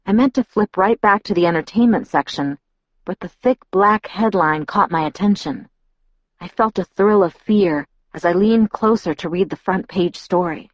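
A woman reading a novel aloud in the first person, with a mid-range voice and an even, wry tone. The recording is dry and close. It also sounds a little dull and lo-fi. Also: medium pitch, normal speed, no room sound. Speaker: audiobook narrator. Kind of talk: first-person audiobook narration.

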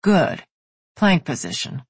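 A narrator voicing a stern male crew boss of bear shifters who gives short, clipped orders in a lowered, husky voice. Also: sing-song, slow pace, no room sound, exaggerated voice. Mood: commanding.

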